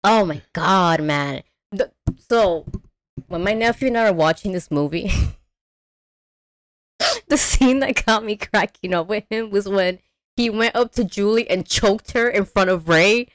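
A woman hosting a podcast, giving a casual, animated movie recap, swearing freely and acting out the characters. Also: medium pitch, measured pace, long pauses, no room sound. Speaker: podcast host. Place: remote call.

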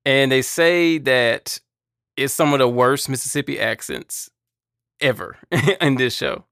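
A man's voice: medium pitch, measured pace, a bit bright, dry recording, clean studio sound. A man co-hosting a podcast, laid-back and teasing in casual chat. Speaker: podcast co-host.

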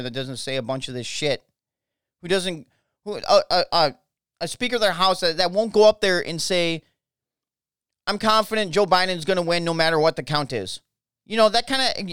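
An American man rants on his podcast, swearing hard and tripping over his own words as he goes. His voice is smooth and resonant, recorded dry and close with no room sound. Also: fairly high pitch, a bit bright, no room sound. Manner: angry, profane, repeats himself. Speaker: podcast host. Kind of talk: ranting political podcast monologue.

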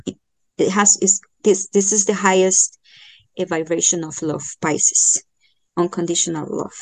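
Woman astrologer, talks real slow w lots of ums, lowish voice, dry close mic. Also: fairly even intonation, dry recording. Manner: slow, thoughtful, many fillers and restarts. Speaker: astrologer giving a chart reading. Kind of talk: podcast interview, explaining.

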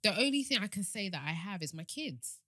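A woman's voice: medium pitch, very animated, fairly quick, sharp tone, no room sound, studio quality. A woman nearly thirty, speaking candidly and a bit rambling in a casual heart-to-heart chat. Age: 30s.

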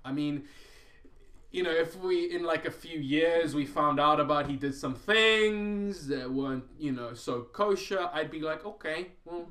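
A man's voice: a little high, unhurried, a bit bright. Profane, rambling young man in an echoey room. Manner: loose, profane, rambling with restarts. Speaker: podcast host. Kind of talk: casual podcast chat.

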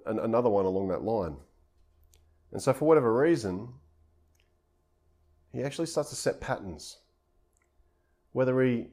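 A male preacher with a slightly low voice gives a relaxed, conversational sermon. He retells the scripture passage informally, in plain everyday speech, as if chatting with his congregation.

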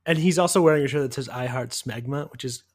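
A young man from the US Northeast co-hosting a casual movie podcast, excited and fast, full of "like" and "dude". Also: medium pitch. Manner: animated, fast, leans on "like" and "dude". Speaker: podcast co-host. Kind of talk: casual movie-review chat.

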